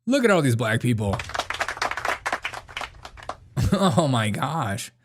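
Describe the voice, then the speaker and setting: A man's voice: medium pitch, very animated, slow, heavy background noise. A man co-hosting a comedy show, mocking video clips with frequent laughter. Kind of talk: casual commentary on video clips.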